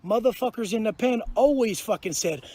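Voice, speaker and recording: A man's voice: high voice, fairly quick, warm tone. A man giving a profane, aggressive tough-talk monologue, barking and swearing heavily. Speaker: clip subject.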